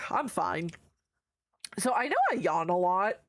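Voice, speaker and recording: A streamer with a fairly low, expressive voice speaks at a measured pace, with no echo, in casual chat with her audience. She greets viewers by name, is affectionate with them, and swears freely while reading chat aloud.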